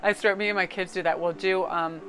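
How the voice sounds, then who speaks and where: A woman's voice: on the low side, steady tone, fairly quick, fairly bright tone, a little hiss or hum, low-quality recording. A middle-aged woman from Connecticut giving a casual, chatty tarot card reading. She swears casually and slips into joke accents now and then. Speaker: tarot reader.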